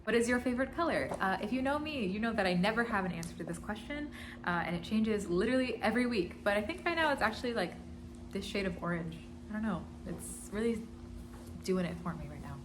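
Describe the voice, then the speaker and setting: A woman's voice: mid-range voice, lively intonation, fast talker, noisy background. A young woman in her twenties, a singer and vlogger, answering fan questions in a giggly, chatty and playful way. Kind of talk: casual Q&A vlog.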